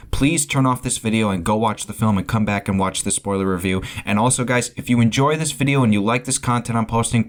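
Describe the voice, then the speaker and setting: Rambling man reviewing a movie. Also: lowish voice. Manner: rambling, repeats words and restarts often. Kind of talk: casual spoiler review.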